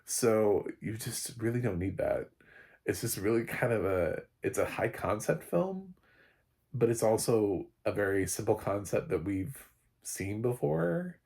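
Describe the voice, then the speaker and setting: A man's voice: on the low side, sing-song, measured pace, vocal fry, a little mellow, husky. A man giving a casual spoken movie review, rambling, restarting sentences and chuckling often. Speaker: film reviewer.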